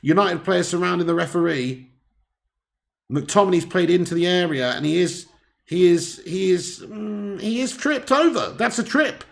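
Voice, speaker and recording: This football watch-along host has a high, animated voice with vocal fry, speaking at a normal speed. He mixes commentary with playful banter, frequent laughter, and chat with viewers.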